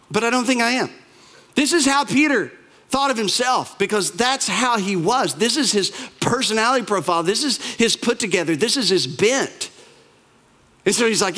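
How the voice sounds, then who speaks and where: High-voiced man preaching a lively sermon. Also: moderate pace. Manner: animated storytelling, acts out quoted lines. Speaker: pastor.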